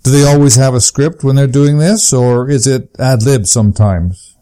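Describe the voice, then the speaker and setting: A man's voice: mid-range voice, normal speed, mellow. A man interviewing a guest, asking friendly, inquisitive questions.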